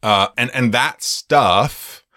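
A man co-hosting a casual film-review podcast, rambling and animated, laughing often. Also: mid-range voice, slow pace, dry recording, studio quality. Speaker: podcast co-host.

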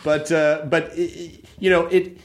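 A man chatting casually as a podcast co-host, animated and laughing often, trailing off and restarting his sentences. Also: fairly high pitch, measured pace. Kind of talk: casual conversation.

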